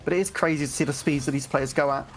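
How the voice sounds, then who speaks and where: A woman co-commentating a live game tournament, giving relaxed analysis with frequent ums and restarts. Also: low-pitched, rapid-fire, soft background music. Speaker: esports co-commentator.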